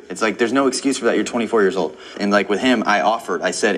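A man's voice: fairly low pitch, a bit bright, slight background noise. A young man in a heated, profane, defensive rant about accusations made against him. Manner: profane, defensive, fast-talking. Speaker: YouTuber responding to allegations.

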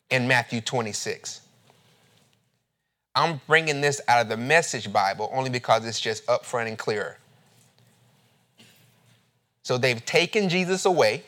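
A pastor preaching a sermon in a relaxed, conversational way, reading scripture aloud and speaking to his listeners as family. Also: medium pitch.

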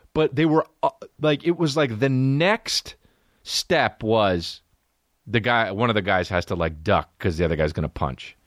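A young man hosting a solo comedy podcast, rambling through stories with heavy swearing. His pitch swings widely as he talks, and the sound is close and dry. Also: fairly bright tone, dry recording. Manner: profane, rambling storytelling. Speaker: podcast host.

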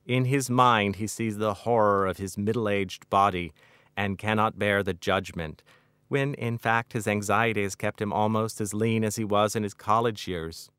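A middle-aged man, the author, reading his own novel aloud in a measured, wry narration. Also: lowish voice, a bit bright, clear, resonant tone, no echo, studio quality.

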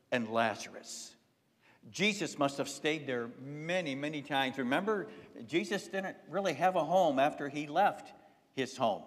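A male pastor preaching an Easter sermon in a conversational way, rising loud at climaxes and dropping to soft asides. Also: fairly high pitch, big-room sound. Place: church sanctuary.

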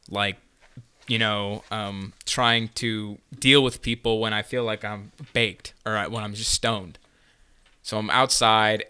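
A man's voice: mid-range voice, pushed and bright, clear, resonant tone, dry recording. A young man telling a long story on a casual podcast, rambling with lots of fillers and swearing. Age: young adult. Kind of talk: casual chat.

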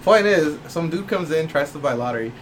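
Animated young man telling stories. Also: on the high side, a little fast. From Mexican-American. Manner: animated, swears, acts out quoted voices, laughs often. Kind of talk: casual chat. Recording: noisy room background.

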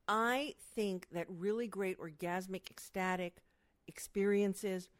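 A middle-aged woman, a sex educator being interviewed, talking expressively and acting out quotes. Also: no echo. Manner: expressive, acts out quotes with big pitch jumps. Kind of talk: animated interview conversation.

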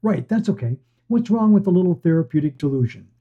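A man's voice: high-pitched, lively intonation, fast talker, slightly rough, exaggerated voice. A man voicing a chatty, pushy talking severed head of a man, needling and wheedling. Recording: dull lo-fi recording.

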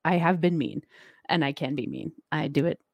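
A woman's voice: low voice, moderate pace, vocal fry, breathy edge, no echo. A woman in casual chat, blunt and self-deprecating, laughing often.

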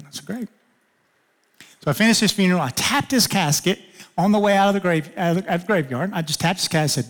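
In a large, echoing room, an animated pastor preaches fast, telling a personal story within his sermon. He acts out each exchange, spiking sharply up in pitch when protesting and dropping to a low, hushed tone for gentler lines.

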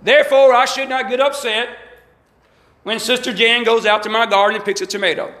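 Southern preacher, Alabama accent, middle-aged man, very high voice, call-and-response sermon, echoey church. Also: fairly even intonation, brisk, sharp tone. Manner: call-and-response preaching, rising emphatic lines, folksy asides. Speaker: pastor. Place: church sanctuary.

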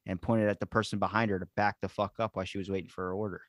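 A man hosting a podcast, telling stories in an animated way and swearing freely in casual chat. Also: fairly low pitch, rapid-fire, dry recording, studio quality. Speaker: podcast host.

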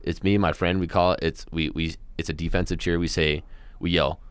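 Deep-voiced young man chatting casually. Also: flat delivery, a little fast, clear, resonant tone, no echo. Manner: rambling, yells cheers loudly. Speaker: co-host. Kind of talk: casual chat.

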